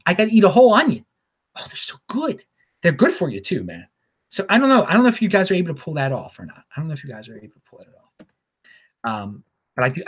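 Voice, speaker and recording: A man hosts his own talk show alone. He rambles and stammers, doubling his words and chuckling between thoughts. His voice rises and falls in a lively, animated way. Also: sits high, husky. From Baltimore, USA. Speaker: show host. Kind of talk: casual solo commentary.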